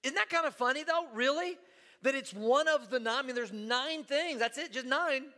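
High bright-voiced male pastor preaching. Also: normal speed, in a large hall. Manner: conversational, repeats words, asks the room "right?". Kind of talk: sermon. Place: church.

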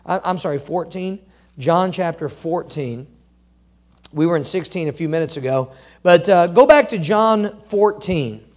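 A man's voice: a little high, measured pace. A man preaching a sermon, quoting scripture and driving his points home with emphatic, rising repetition. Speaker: pastor.

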